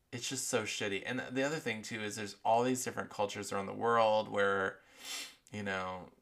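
This podcast host has a fairly low, gravelly voice with a bit of brightness. In his casual monologue he rambles profanely with many fillers, and allergies are affecting how he sounds.

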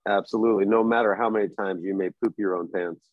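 A man from Oregon co-hosting a podcast, telling stories in a halting, rambling way. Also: on the low side, steady tone, no room sound, phone-quality sound. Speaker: podcast co-host. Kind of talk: casual chat.

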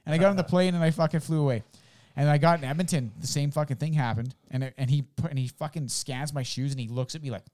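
A man's voice: a little high, fast talker, darkish tone. A man co-hosting a podcast, telling rambling, profane stories in casual chat and slipping into character voices. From Canada. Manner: rambling storyteller, swears freely, acts out voices. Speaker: podcast co-host.

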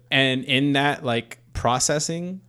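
A man in his early thirties talks in a loose, rambling way, retelling his own story with frank asides and the odd curse. His voice sits at an ordinary middle pitch, and the talk is relaxed and conversational. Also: moderate pace. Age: 30s. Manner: rambling, candid storyteller with frequent swearing. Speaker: podcast host, expecting first child. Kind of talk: casual storytelling chat.

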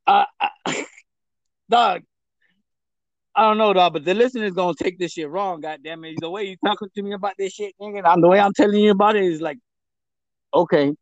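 A man with a gravelly, fairly high voice, talking casually and profanely on a podcast. He laughs often and slips into Spanish. The recording is dry and a little dull. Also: fairly quick, pauses often, no room sound. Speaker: podcast co-host. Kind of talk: casual chat.

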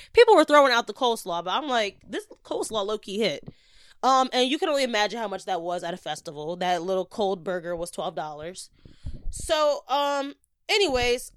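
A young woman hosting a podcast, casually telling an animated story and acting out the quotes. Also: smooth, no echo, studio quality. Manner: animated, acts out quotes with big pitch jumps.

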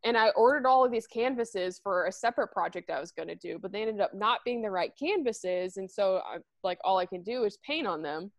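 A woman in her twenties in casual chat with a friend, relaxed and swearing casually. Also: mid-range voice, brisk, hardly any pauses.

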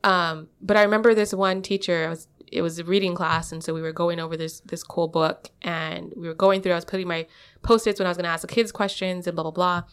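A woman's voice: lowish voice, steady tone, quick pace, few pauses, clean tone. A woman in her twenties telling stories in a casual podcast chat, rambling and laughing often. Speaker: podcast co-host.

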